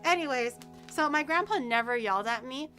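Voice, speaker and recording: A woman streamer telling stories in casual chat, animated and laughing often. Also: high-pitched, fairly quick, soft background music.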